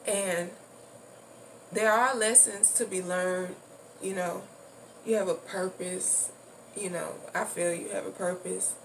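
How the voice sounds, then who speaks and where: A woman with a fairly low voice and fairly even intonation speaks slowly, leaving long pauses. She's a spiritual vlogger giving a casual, loose, repetitive talk with occasional swearing. The mic is distant and background noise is clearly audible.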